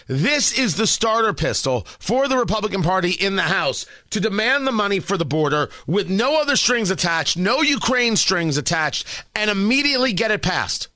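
A man hosting an opinionated talk radio commentary, emphatic and animated, with hesitant fillers. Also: high-pitched, no room sound.

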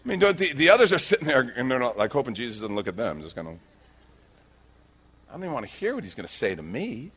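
A male pastor preaching a sermon, telling the story with animated energy and acting out the characters' lines. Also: medium pitch, fast talker, a little hiss or hum. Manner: animated storytelling, acts out quotes.

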